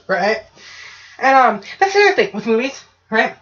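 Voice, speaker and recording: Female podcast host, casual and foul-mouthed, animated storyteller; muffled lo-fi sound. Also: on the high side, moderate pace. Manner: profane, ranting, animated storytelling. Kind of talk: casual chat. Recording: dull lo-fi podcast audio.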